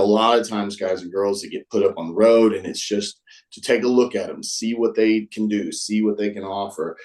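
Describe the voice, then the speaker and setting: A man's voice: fairly low pitch, darkish tone, low-quality recording. A man guest-hosting a podcast, casually telling stories and acting out what people said. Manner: recounts stories, acting out quoted dialogue. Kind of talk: casual storytelling.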